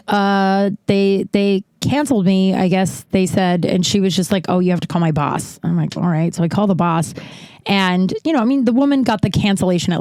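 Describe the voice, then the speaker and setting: A woman's voice: lowish voice, warm tone, no echo. Profane rambling woman podcaster. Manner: rambling, profane, self-deprecating. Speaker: podcast host. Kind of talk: casual solo podcast monologue.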